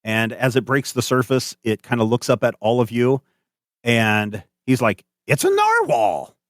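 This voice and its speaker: A man narrating as game master of a tabletop game, animated and hesitant with many fillers. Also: medium pitch, normal speed, no echo, studio quality.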